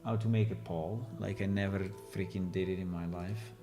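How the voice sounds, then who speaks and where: A man's voice: low voice, steady tone, normal speed, music in the background. A man from Italy with an Italian accent, rambling and joking with his chat in a casual live stream while he works on a game.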